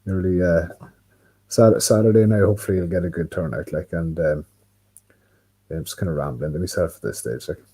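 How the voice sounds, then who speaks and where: This livestream host from Ireland talks to himself by a window inside, rambling casually with plenty of swearing and filler words. His low, dark, slightly rough voice moves fairly quickly but pauses often, heard through a rough recording.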